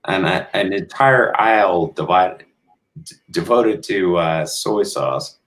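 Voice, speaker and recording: A man's voice: low voice, takes it slowly, fairly bright tone. An American man chatting as a guest on a video call, rambling and full of fillers and restarts. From United States. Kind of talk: casual chat.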